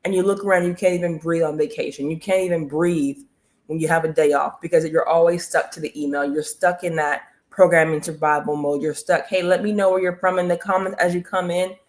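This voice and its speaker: Energetic woman hosting a motivational live stream. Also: lowish voice, brisk. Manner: energetic, repetitive, keeps asking viewers to comment. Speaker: online business coach hosting a live stream.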